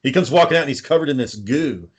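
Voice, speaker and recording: A man's voice: medium pitch, expressive, fast talker, husky. Male podcast co-host, loose profane storyteller, ordinary mid-range voice. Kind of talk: casual chat.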